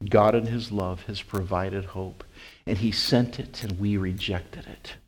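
A man preaching a sermon as pastor, asking his listeners question after question and swinging from loud, high calls to slow, hushed lines. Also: steady tone, husky. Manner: asks the congregation rhetorical questions.

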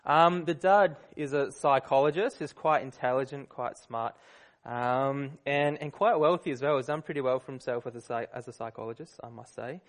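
A man preaching a sermon, telling a story in a relaxed, conversational way with fillers and restarts. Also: mid-range voice, moderate pace.

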